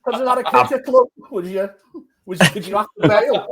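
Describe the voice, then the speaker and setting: Quick high-voiced teasing man. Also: a crowd in the background. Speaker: podcast panelist. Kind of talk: casual chat.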